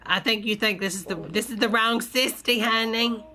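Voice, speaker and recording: A woman's voice: a little high, normal speed, bright, forceful tone, slight background noise. A woman hosting a live reaction stream, chatting folksily with viewers and calling them honey. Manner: folksy, calls everyone honey, gushing asides. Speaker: host reacting to videos.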